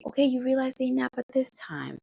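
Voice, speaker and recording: A woman doula giving parenting advice in a coaching manner, often checking in with listeners and swinging her pitch and pace expressively. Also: big pitch swings, a little fast, creaky, warm tone, breathy edge, dry recording.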